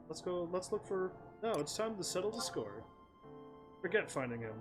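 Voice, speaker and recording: A man casually commentating while playing a game, reading the dialogue aloud, often laughing and playful. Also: on the high side. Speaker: gaming streamer. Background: game music.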